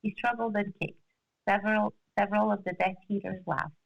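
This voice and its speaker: A woman's voice: mid-range voice, fairly even intonation, a little fast, vocal fry. A woman co-hosting a podcast, reading a novel aloud casually and correcting small slips as she goes. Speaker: podcast co-host. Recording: slightly dull lo-fi sound.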